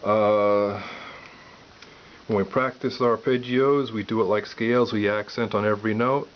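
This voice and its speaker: A man giving a piano lesson, calmly explaining step by step and counting aloud. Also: on the low side, measured pace, heavy background noise. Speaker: piano teacher. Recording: dull lo-fi audio with loud piano.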